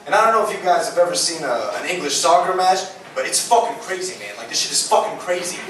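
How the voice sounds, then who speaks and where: A man's voice: high-pitched, expressive, quick pace. A young adult man doing a stand-up set, rambling and profane with lots of "uh" and "man". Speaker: stand-up comedian. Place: comedy club stage. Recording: roomy club, distant mic, loud crowd. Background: audience laughter.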